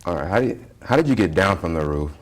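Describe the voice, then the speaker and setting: A deep-voiced man hosting an interview. He reads his intro in a measured, dramatic way, then asks short, plain questions in a very low register. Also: animated. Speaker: host.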